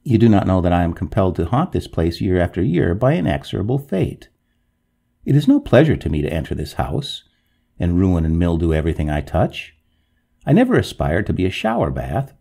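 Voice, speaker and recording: A man's voice: low voice, wildly swooping pitch, moderate pace, vocal fry, warm tone, exaggerated voice. A man voicing an indignant drowned young woman ghost, who talks in a prim, formal, reproachful way with a gargling sound. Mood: haughty.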